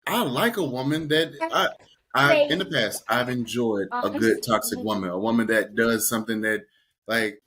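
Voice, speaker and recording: A man co-hosting a podcast in casual chat, frank and anecdotal, with a relaxed swagger. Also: a little high, a little hiss or hum. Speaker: podcast co-host.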